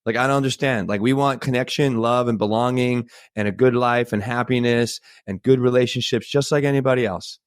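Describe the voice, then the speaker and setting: Tired guy cohosting a podcast, frustrated and rambly, mid-pitched, dry sound. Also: fairly even intonation, a little fast, few pauses, smooth, no echo. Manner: frustrated, rambling, lots of fillers. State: tired, short on sleep. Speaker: podcast co-host. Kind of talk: podcast conversation.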